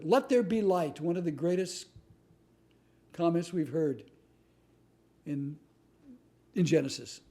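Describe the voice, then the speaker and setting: A man's voice: fairly high pitch, dark tone. A man hosting a talk, telling true stories about finding humor in hard times with punchy, emphatic repetitions. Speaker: host and author. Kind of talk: motivational talk.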